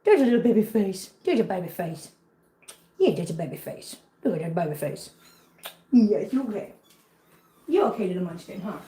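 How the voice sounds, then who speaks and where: A woman vlogging at home with her cats, switching between soft baby talk to kittens and chatty asides to viewers. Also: mid-range voice, very animated, moderate pace, pauses often, reverberant, poor audio. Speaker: cat channel vlogger. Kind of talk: casual vlog chat.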